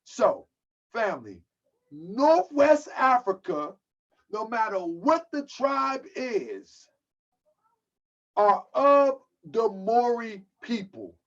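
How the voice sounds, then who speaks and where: A man's voice: very high voice, big pitch swings, extremely slow, fairly bright tone. A man from the United States holds forth on a live stream in a casual, preachy lecture. He keeps repeating rhetorical questions and answers comments from the audience. The sound is dull and lo-fi. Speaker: host of a live-stream talk.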